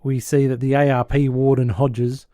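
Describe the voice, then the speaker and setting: Mellow-voiced man telling a story. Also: mid-range voice, moderate pace, no echo, clean studio sound. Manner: animated storyteller, chuckling often. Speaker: podcast host. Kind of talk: casual podcast chat retelling a sitcom episode.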